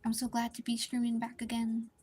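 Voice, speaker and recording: A young woman chatting casually on a live art stream, talking quietly and rambling with many likes and restarts. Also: monotone, fairly quick, husky, soft background music. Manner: speaks quietly at low volume, partly whispering. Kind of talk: casual live-stream chat while drawing.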